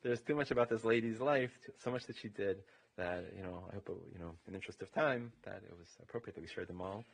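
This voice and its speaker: A man's voice: fairly low pitch, quick pace, vocal fry, breathy edge. A man serving as rabbi, giving an informal, meandering funeral eulogy in a funeral home chapel, leaning heavily on "you know".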